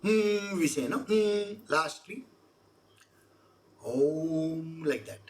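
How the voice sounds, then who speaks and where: A woman's voice: medium pitch, expressive, measured pace, a little hiss or hum. A woman explaining scripture verse by verse as a spiritual teacher, repeating her points and asking rhetorical questions. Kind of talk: scripture exposition talk.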